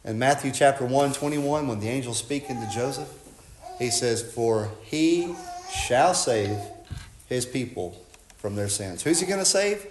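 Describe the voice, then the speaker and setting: A man preaching a sermon, impassioned, swinging from loud cries to hushed tones. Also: mid-range voice, lively intonation, measured pace, reverberant, a little hiss or hum.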